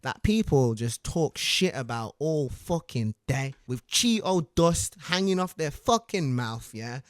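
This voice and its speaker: A male streamer chatting casually with callers, full of slang and swearing and easily excited. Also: fairly high pitch, measured pace, no room sound, clean studio sound. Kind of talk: casual live-stream chat.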